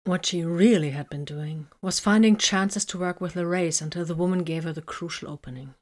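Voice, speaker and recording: A woman reading romantic fiction aloud in a soft, breathy voice that often drops near a whisper. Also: lowish voice, a little fast. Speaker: narrator.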